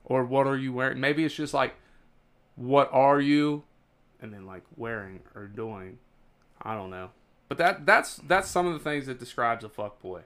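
Smooth-voiced man, jokey podcast co-host. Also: mid-range voice, animated, normal speed, a bit bright. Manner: jokey, teasing, laughs at his own puns. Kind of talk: casual chat, reading a list.

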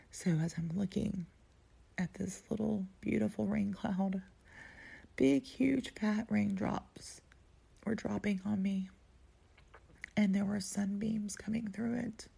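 A woman telling a personal story in an intimate way, often dropping to a breathy near-whisper. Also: medium pitch, warm tone. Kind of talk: personal story told aloud.

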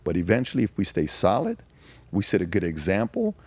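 Man, podcast guest, low voice, husky, emphatic storyteller, dry studio sound. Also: huge pitch swings, a little fast, a little mellow, no room sound. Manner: emphatic, acts out quoted dialogue in varied voices. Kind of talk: animated conversational storytelling.

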